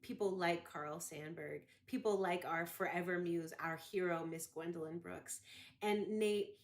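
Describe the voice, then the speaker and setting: A woman with a lowish voice giving a heartfelt tribute to a dear friend. She is emotional and close to tears, and her words come out halting and full of affection. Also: fairly even intonation.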